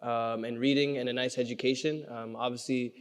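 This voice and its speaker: A man's voice: mid-range voice, little pitch movement, a little fast, clear, resonant tone. A young man from Canada hosting a gala, doing stand-up and running an auction, teasing the crowd with energy. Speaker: comedian and gala host. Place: large reverberant banquet hall. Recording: echoey hall sound.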